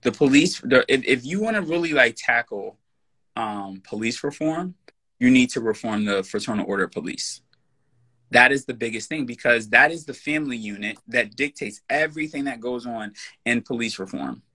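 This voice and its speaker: Husky, forceful man talking bluntly. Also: medium pitch, expressive, moderate pace. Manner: emphatic, blunt and profane. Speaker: podcast guest; personal trainer. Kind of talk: casual podcast conversation.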